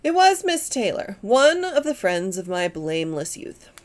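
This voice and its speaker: A woman's voice: medium pitch, big pitch swings, measured pace. Woman doing a wry young man tour guide. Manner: dry, teasing.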